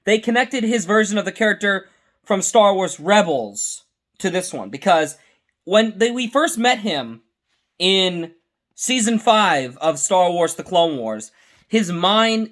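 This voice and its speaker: Male host, casual fan review, high voice, excitable, trips over himself correcting details. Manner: excited, rambling, with frequent self-corrections.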